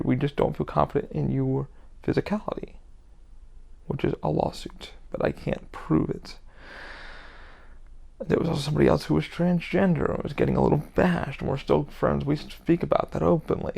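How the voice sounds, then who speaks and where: A man's voice: medium pitch, creaky, darkish tone. A man hosting a podcast alone, ranting bluntly in an unscripted monologue, swearing constantly and often restarting his sentences. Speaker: podcast host.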